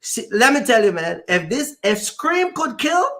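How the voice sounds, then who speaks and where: High, gravelly-voiced man telling stories. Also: big pitch swings, unhurried, pushed and bright. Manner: emphatic, acts out quoted exchanges. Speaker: trucking company owner and show host. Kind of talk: animated storytelling chat.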